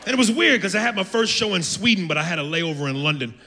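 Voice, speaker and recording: A brash, profane American stand-up comic with a gravelly edge. He works a club stage, and his voice carries a long reverb. Room noise sits clearly behind him. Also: high-pitched, lively intonation, fast. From United States. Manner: brash, profane, jumps into loud impressions. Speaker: stand-up comedian. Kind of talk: stand-up comedy set.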